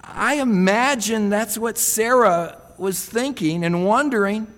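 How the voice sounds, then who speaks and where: A man's voice: sits high, slow, a bit bright, long reverb tail. A man preaching a sermon in a reflective way, often putting rhetorical questions to his listeners.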